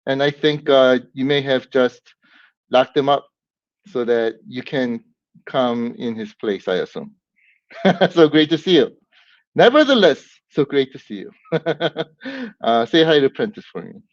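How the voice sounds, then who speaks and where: A man hosting a live stream, whooping and greeting viewers by name with lots of excitement. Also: medium pitch, a little slow, long pauses, no echo. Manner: hyped, whooping, warm greetings to chat. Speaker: livestream host. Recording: dull lo-fi stream audio.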